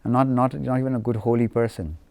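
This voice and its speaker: A man from India telling personal stories in an animated, playful way. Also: mid-range voice, quick pace, vocal fry, dry recording. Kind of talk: personal storytelling.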